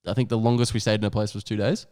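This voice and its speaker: A man's voice: on the low side, little pitch movement, very fast, warm tone. A young adult man, co-hosting a podcast and telling a rambling travel story with lots of "like" and swearing. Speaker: podcast co-host. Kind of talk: casual chat.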